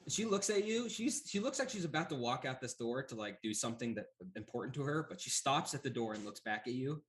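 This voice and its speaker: A man running a tabletop game as game master, narrating in a measured, unhurried way with frequent pauses. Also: mid-range voice, animated.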